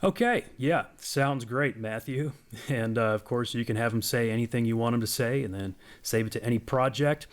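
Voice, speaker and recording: A man giving a casual, explanatory walkthrough of a software product on screen. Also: medium pitch, moderate pace. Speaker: software demo presenter.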